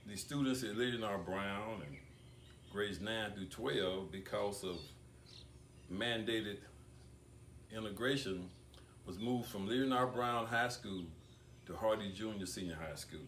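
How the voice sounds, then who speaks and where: An older man delivers a tribute at an awards ceremony, his low voice moving slowly and stopping to repeat words. He sounds distant, as if heard from across a reverberant room. A faint hiss of background noise sits under the speech. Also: fairly bright tone. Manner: deliberate speaker who repeats words, with long pauses. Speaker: speaker giving a tribute. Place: banquet hall. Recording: echoey room picked up from far off.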